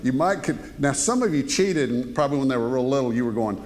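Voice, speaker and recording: A man's voice: mid-range voice, animated, quick pace. Man preaching in a reverberant hall. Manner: conversational preaching, swinging between hushed asides and raised emphasis. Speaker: pastor. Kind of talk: sermon. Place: church sanctuary.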